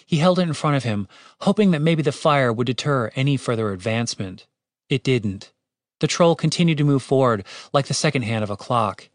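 A man's voice: medium pitch, expressive, fairly quick, no echo, clean studio sound. Man narrating an audiobook. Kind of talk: scripted narration.

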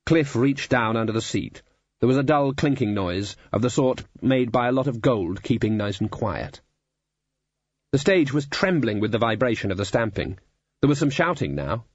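A man reading a comic fantasy novel aloud in scripted narration, dry and even. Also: medium pitch, normal speed, dry recording, highs cut off. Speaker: audiobook narrator.

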